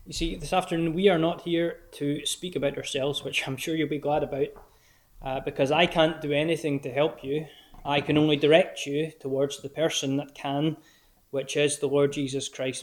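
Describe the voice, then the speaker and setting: A man preaching a sermon in a gospel hall, earnest and direct, slowing down to read scripture with emphasis. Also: a little high, fairly even intonation. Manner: earnest, direct address to the listener, slow emphatic scripture reading.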